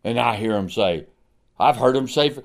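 A man preaching a sermon, swinging from hushed, low passages to ringing emphasis, with rhetorical questions and repeated refrains. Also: expressive, normal speed, vocal fry.

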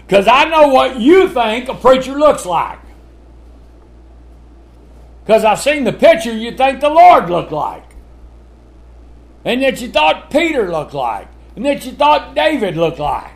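Animated older preacher, slow and lively. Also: male voice, sits high, gravelly. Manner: animated, full of rhetorical questions, chuckling asides. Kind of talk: sermon.

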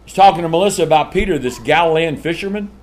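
Preacher guy, folksy sermon, lively pitch, goes from shouting to quiet and laughs a lot. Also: quick pace. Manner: folksy, swings from shouting to hushed, laughs often.

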